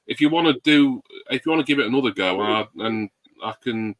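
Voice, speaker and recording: Bright-toned man, dry sound. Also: medium pitch, expressive, fairly quick, no echo. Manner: easygoing, stammering restarts. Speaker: livestream panelist. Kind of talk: casual chat.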